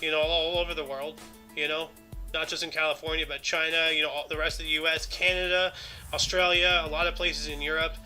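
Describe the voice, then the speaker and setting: A man's voice: a little high, flat delivery, fairly quick, pushed and bright, soft background music. A man co-hosting a casual news-commentary podcast, rambling with lots of "you know" and "like" fillers. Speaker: podcast co-host.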